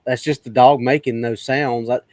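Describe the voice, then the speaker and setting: A man's voice: mid-range voice, steady tone, normal speed, a little mellow, dry recording. A man on a casual podcast, repeating words as he thinks aloud.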